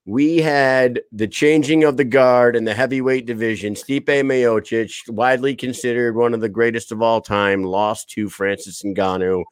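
A man's voice: medium pitch, fairly even intonation, normal speed, hardly any pauses, clean tone, no room sound, clean studio sound. A man in his thirties hosting a podcast in loose, profane casual chat, laughing often. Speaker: podcast host.

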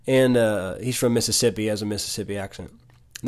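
A man's voice: mid-range voice, fairly even intonation, a little fast, darkish tone. Earnest man preaching with many restarts. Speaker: podcast preacher. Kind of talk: Bible teaching.

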